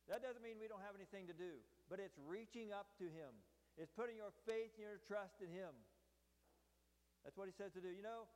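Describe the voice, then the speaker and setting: A man's voice: fairly high pitch, a little mellow. A man preaching a conversational sermon in a folksy way, often repeating and restarting his phrases as he talks things through. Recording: echoey hall with long reverb.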